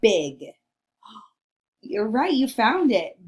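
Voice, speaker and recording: A woman's voice: on the high side, big pitch swings, very slow. A woman teacher leading a read-along lesson for young children, encouraging and sing-song.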